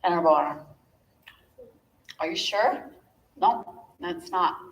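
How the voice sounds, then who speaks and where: A woman with a lowish voice and vocal fry speaks slowly while coaching a viola masterclass, walking through bowing technique with chatty, encouraging asides. The room is echoey, an instrument plays, and the highs are cut off.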